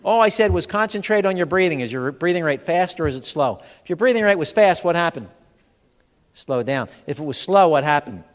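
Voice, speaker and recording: In a large expo hall, a man delivers a comedic, stand-up style health seminar, firing jokey questions at the audience. His high-pitched voice is animated and brisk, with hardly any pauses, and the live venue adds long hall reverb.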